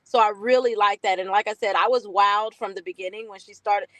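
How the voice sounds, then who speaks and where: A woman's voice: medium pitch, fairly even intonation, fairly quick, hardly any pauses, fairly bright tone, dry recording, rough recording. Enthusiastic woman giving a testimonial. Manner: enthusiastic, laughs, repeats phrases. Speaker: coaching client sharing a testimonial. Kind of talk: casual testimonial on a call.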